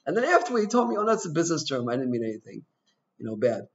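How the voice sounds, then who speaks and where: A man's voice: on the high side, big pitch swings, very fast, gravelly, a little hiss or hum. A man teaching an informal Torah class, chatty and full of "you know", telling personal stories and asking his listeners questions. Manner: asks the audience questions. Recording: dull lo-fi recording.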